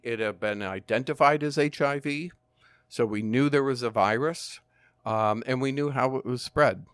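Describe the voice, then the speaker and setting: An older man, a former firefighter and nurse, telling his story in an interview in an earnest, measured way with frequent ums and uhs. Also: on the low side, a bit bright, clear, resonant tone, no echo, studio quality.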